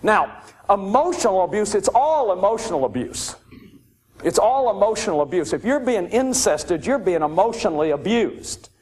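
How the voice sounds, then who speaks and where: A man's voice: high-pitched, big pitch swings, normal speed, darkish tone. Emphatic man lecturing on recovery. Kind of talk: lecture to an audience.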